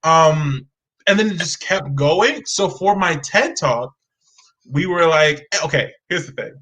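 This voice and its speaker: A young man with a bright, forceful voice that sits a little high for a man. He tells his stories with plenty of energy and acts out the people in them. He is heard over a video call. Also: unhurried, rough recording. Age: young adult. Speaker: guest. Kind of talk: animated storytelling.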